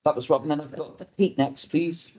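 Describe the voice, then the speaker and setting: Welsh guy running a council meeting, husky and mellow, dull lo-fi mic. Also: a little high, steady tone. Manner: brisk, polite, calling on speakers. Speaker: meeting chair. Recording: dull lo-fi meeting room recording.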